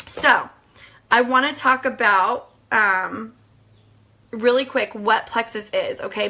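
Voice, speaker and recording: A woman's voice: fairly high pitch, sharp tone. A woman in her thirties, a mom sharing a personal health testimony in a casual, earnest, chatty way, teary at times. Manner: chatty, earnest, emotional and laughing.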